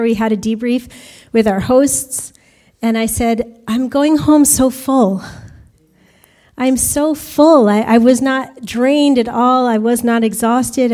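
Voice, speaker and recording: Her voice on the high side and warm, an American woman tells a church congregation about mission work in a chatty testimony, frequently laughing along the way.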